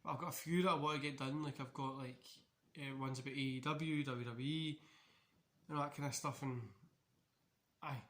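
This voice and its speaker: A man's voice: medium pitch, steady tone, moderate pace, fairly bright tone. A man hosting a casual wrestling watch-along, talking in a loose, rambling way. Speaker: wrestling channel host. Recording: echoey room.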